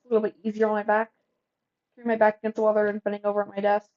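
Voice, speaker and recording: A woman's voice: mid-range voice, completely flat delivery, racing, dull audio, natural voice. A woman voicing a shy, anxious young woman who talks hesitantly and formally.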